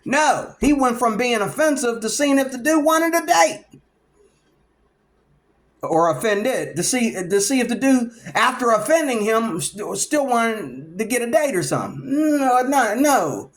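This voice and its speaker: High-voiced man telling stories animatedly. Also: a little slow. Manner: animated, acts out the people he describes. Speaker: vlogger. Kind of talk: casual storytelling monologue.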